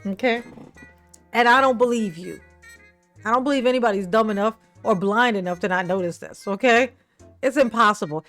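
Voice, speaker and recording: A woman with a fairly high voice riffs on a news clip in loose, sassy commentary. She mocks, cusses freely and laughs often, sometimes slipping into exaggerated impressions of the people involved. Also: normal speed, fairly bright tone, faint music behind. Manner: breaks into exaggerated mimicking voices. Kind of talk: casual reaction commentary.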